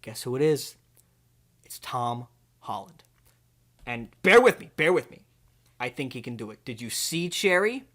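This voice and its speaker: A young man hosting a comedy video, pitching an absurd movie in a rambling, deadpan way full of fillers. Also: unhurried, pauses often.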